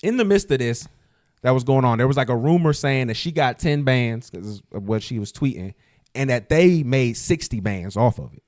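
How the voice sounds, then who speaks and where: A man's voice: mid-range voice, lively intonation, moderate pace, a little mellow. A man co-hosting a casual gossip podcast who tells stories in slang and laughs often. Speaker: podcast co-host.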